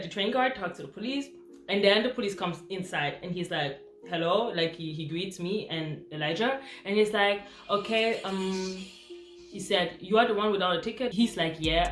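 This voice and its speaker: Animated young woman in an echoey room. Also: medium pitch. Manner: animated, acts out her own angry outbursts. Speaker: vlogger. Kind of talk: storytime vlog. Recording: roomy echo with faint music.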